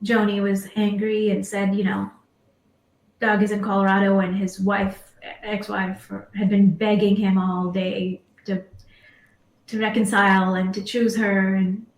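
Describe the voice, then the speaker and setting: A woman's voice: mid-range voice, flat delivery, measured pace. Emotional woman speaking in a roomy space. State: emotional, near tears. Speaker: interviewee. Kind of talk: emotional testimony. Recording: roomy echo.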